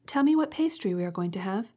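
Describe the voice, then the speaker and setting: A woman reading aloud, voicing a cheeky little girl with a high, ringing, insistent voice in an audiobook. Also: expressive, fast talker, a little mellow, natural voice. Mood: mischievous. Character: cheeky little girl pestering her mother.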